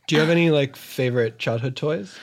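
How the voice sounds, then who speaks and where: A man's voice: fairly high pitch, fairly quick. A man co-hosting a comedic podcast, upbeat and joking. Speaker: podcast co-host.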